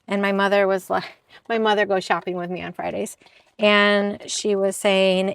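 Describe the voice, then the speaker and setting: A woman's voice: mid-range voice, level tone, normal speed, vocal fry, clean tone, no echo. A woman chatting casually in a haul video, bubbly and self-deprecating as she shows her thrift finds. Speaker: reseller vlogger.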